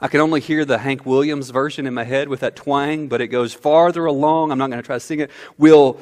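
A man preaching a sermon as pastor, animated, swinging from quiet asides to loud outbursts. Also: medium pitch, fast talker. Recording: long hall reverb.

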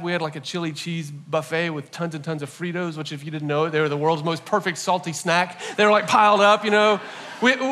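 A man in his forties gives a sermon in a bright, clear voice, pitched a little high. He tells stories in an earnest, lively way. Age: 40s. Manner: storytelling, animated and earnest. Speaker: pastor.

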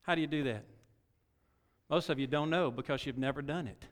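A middle-aged man preaching a sermon in a folksy way, full of rhetorical questions and swinging from quiet asides to loud exhortation. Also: fairly high pitch, lively intonation, a little fast. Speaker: pastor. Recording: long reverb of a large hall.

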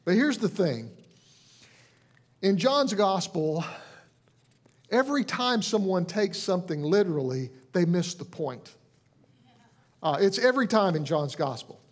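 A man pastor giving a conversational sermon, earnest and gentle, often restarting phrases and dropping softly into quoted lines. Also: high-pitched, expressive, a little slow, long pauses.

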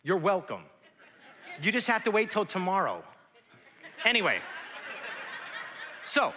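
A man in his forties preaching a sermon, swinging from loud shouts to near whispers, with joking asides to the congregation. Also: sits high, very animated, moderate pace, long pauses, in a large hall. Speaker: pastor.

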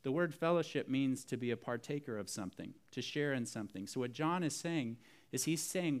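A man's voice: medium pitch, expressive, brisk. A man preaching a sermon, earnest and emphatic, repeating key phrases for weight. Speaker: pastor.

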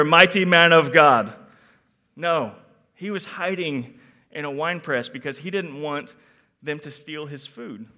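Youth preacher, male, slightly high, bright and forceful, animated delivery. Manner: animated, acts out quotes in different voices; shifts between loud emphasis and quiet reflection. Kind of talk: sermon.

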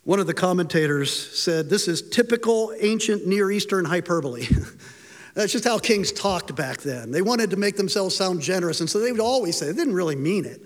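A man with a high, light voice preaches a sermon, telling the story with feeling and acting out the quoted lines. His voice rings through a hall with a long echo. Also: expressive, normal speed.

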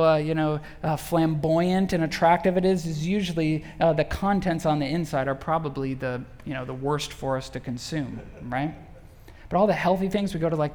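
A male pastor with a fairly high voice preaches conversationally, filling his sermon with rhetorical questions, while a long reverb tail follows his words.

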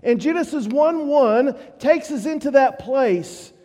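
A man preaching a sermon as pastor in a church, in a measured, reflective way. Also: extremely high pitch, lively intonation, dark tone, big-room sound. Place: church sanctuary.

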